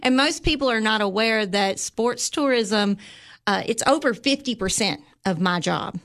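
A woman's voice: a little high, normal speed. A woman with a Southern US accent, a visitors' bureau guest telling upbeat stories in a casual interview. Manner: animated storyteller, upbeat and chatty.

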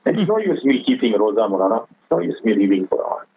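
Over a phone line on a radio show, a man gives an earnest religious talk, exhorting listeners and addressing the other speaker as Maulana. He tells a moral story complete with quoted dialogue. His voice is lowish, sing-song, fast, creaky and slightly rough, with no echo.

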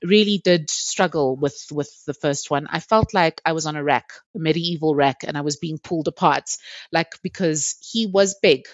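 A woman tells a personal story as a podcast guest. She is candid and lively, and she laughs often. The recording is dry and a little dull. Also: low voice, normal speed, no room sound. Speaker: interview guest.

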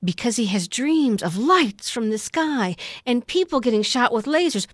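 A woman casually recapping a movie plot in an animated way, acting out scenes with sound effects and quoted voices. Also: a little high, unhurried, no echo, clean studio sound. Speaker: podcast co-host recapping a movie. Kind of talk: casual chat.

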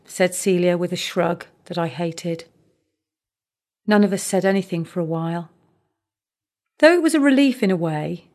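A woman's voice: lowish voice, darkish tone. British woman reading her own story. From Britain. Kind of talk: first-person story reading.

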